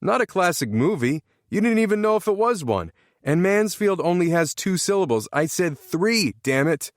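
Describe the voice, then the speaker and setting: Guy doing a fed up teen boy, swears, voice pushed up higher. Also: very animated, moderate pace, dry recording, studio quality. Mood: exasperated. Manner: exasperated, cursing. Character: exasperated teenage boy, swears a lot.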